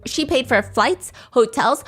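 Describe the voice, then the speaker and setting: A woman hosting a podcast, telling a dating drama in an animated, gossipy way and laughing often. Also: high-pitched, a little slow, faint music behind. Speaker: podcast host. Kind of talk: storytelling commentary.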